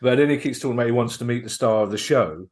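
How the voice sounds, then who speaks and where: A man's voice: medium pitch, rapid-fire. A man on a podcast as guest comedian, telling a long, enthusiastic anecdote and often restarting his sentences. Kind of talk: casual podcast storytelling.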